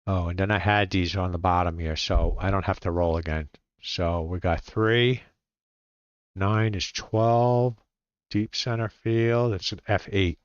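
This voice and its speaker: Guy with a deep low voice doing his own play-by-play of a dice baseball game, kinda mumbly, muffled dry sound. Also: clear, resonant tone, no echo. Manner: relaxed and halting, reading numbers aloud, muttering to himself. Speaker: solo tabletop baseball game player. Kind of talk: casual play-by-play while rolling dice.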